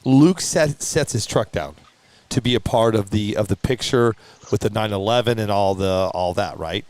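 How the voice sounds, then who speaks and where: A man hosting a live show, telling an animated story, laughing and acting out other people's lines. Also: moderate pace, no echo. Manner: laughing, acts out others' lines in high voices. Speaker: show host. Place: hobby shop studio.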